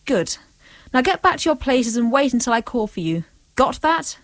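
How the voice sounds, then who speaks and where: A woman narrating a comic story with a slightly high voice. She is firm and bossy and keeps the scripted telling under her control. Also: big pitch swings, normal speed, no echo.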